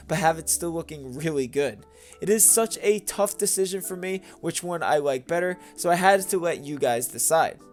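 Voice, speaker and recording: A young man hosting a gaming channel, giving an enthusiastic casual commentary voice-over with bouncy jumps in pitch.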